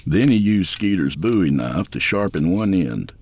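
A male audiobook narrator with a low, deep voice that still moves with lively, expressive pitch. He reads with steady storytelling drive, over a faint background hiss. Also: moderate pace. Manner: expressive storytelling, voicing all characters. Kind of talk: scripted narration.

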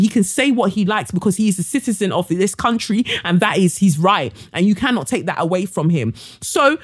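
A woman's voice: medium pitch, lively intonation, brisk, hardly any pauses, breathy edge. London woman going off on a podcast rant, swears a lot, super blunt. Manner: blunt, indignant, swears freely. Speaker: podcast host. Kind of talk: ranting monologue.

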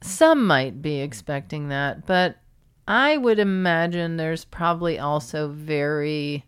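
A woman co-hosting a podcast in easy conversation. Her voice is smooth and clear, and she tells her stories in a dry, amused way. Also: sits low, expressive, slow pace. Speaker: podcast co-host. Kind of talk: casual chat.

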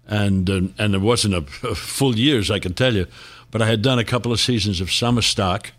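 A man's voice: lowish voice, a little fast. An older man, a guest actor, reminiscing in a casual interview, rambling through stories and chuckling often.

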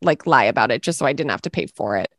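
A woman's voice: extremely low pitch, lively intonation, quick pace, fairly bright tone, dry recording, studio quality. A woman co-hosting a podcast, chatting casually, swearing and laughing often, and reading a listener's post aloud. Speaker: podcast co-host.

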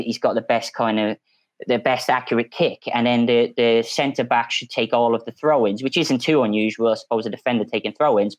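A man's voice: mid-range voice, no echo, low-quality recording. A man on a football podcast panel telling a long story in a casual, chatty way with frequent restarts. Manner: storytelling, animated, many restarts.

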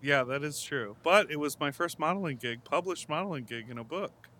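A man's voice: fairly high pitch, fairly quick, bright, forceful tone, a little hiss or hum. A man chatting casually on a podcast, asking rambling questions in an easygoing way. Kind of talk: casual chat.

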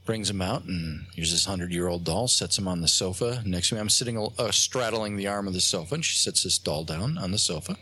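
Low-voiced man telling a rambling story. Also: bright, forceful tone, husky. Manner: halting, many fillers and restarts, acts out quotes. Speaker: guest.

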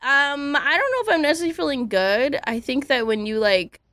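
A woman's voice: sits high, fairly quick, a bit bright. A woman co-hosting a casual podcast chat, talking chattily and laughing easily. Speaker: podcast co-host.

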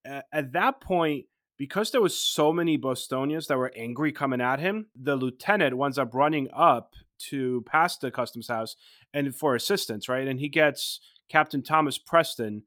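Guy cohosting a chat show, bright tense voice, dry close sound, walks through the story bit by bit. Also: medium pitch, normal speed, dry recording. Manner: retells events step by step, checking in with "right?". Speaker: podcast co-host. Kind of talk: casual storytelling.

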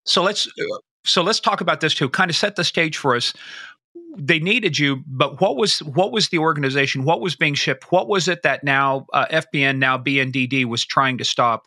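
A man's voice: a little high, moderate pace, sharp tone, dry recording. A man hosting an interview podcast, eagerly asking questions and setting up the story for his guest. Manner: eager questioner who sets the stage and jokes with his guest. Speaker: podcast host.

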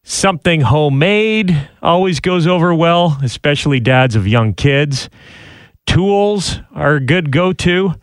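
A man's voice: fairly high pitch, lively intonation, a little slow, smooth, no room sound, studio quality. Joking male radio host. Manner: joking, teasing. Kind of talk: casual chat, reading segments.

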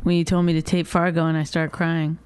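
Clear-voiced woman, pointed and measured. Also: deep voice, little pitch movement, darkish tone, no room sound. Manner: measured and pointed, often trails off. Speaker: co-host, the host's wife. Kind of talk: casual couple argument on a podcast.

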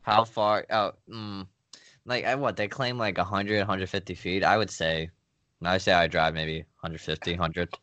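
A man's voice: low voice, steady tone, normal speed, pushed and bright, no room sound, dull audio. A young man co-hosting a casual sports podcast, laughing easily and chatting through game analysis. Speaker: podcast co-host.

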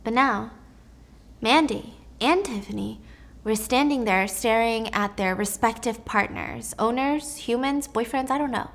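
Female storyteller, casual and chatty, somewhat high-pitched. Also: unhurried, fairly bright tone. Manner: chatty, asides to the listener.

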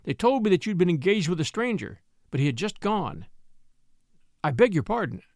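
A man voicing a calm, kind-seeming gentleman who speaks gently and reassuringly. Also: sits high, normal speed, dry recording, studio quality.

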